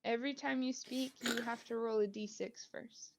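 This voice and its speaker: A woman running a tabletop game as dungeon master, speaking in an unhurried, giggly way over a home mic. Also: fairly high pitch, steady tone, background noise.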